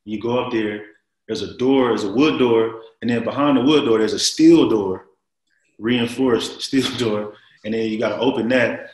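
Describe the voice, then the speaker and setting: Animated storytelling man in a roomy space. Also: medium pitch, moderate pace. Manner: rambling, filler-heavy, animated. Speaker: interview guest. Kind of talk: casual storytelling.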